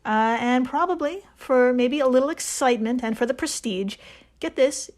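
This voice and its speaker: Chatty lady podcast host, a bit high voiced, laughs a lot, swears casually. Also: moderate pace, darkish tone. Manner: laughing, swearing, conversational storytelling. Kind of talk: casual chat.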